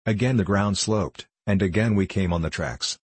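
Deep, husky male audiobook narrator. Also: moderate pace, no echo. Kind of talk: scripted narration of a classic detective story.

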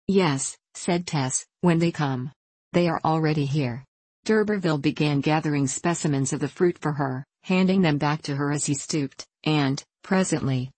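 A woman narrating a classic novel in a measured, even reading. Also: low-pitched, no room sound. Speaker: audiobook narrator. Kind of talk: scripted narration.

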